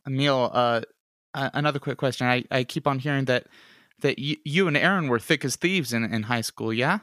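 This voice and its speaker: Playful guy in a mystery game, dry close sound, bright voice. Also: mid-range voice, a little fast, no room sound. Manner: playful, stammering. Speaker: player. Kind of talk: playing a tabletop mystery game.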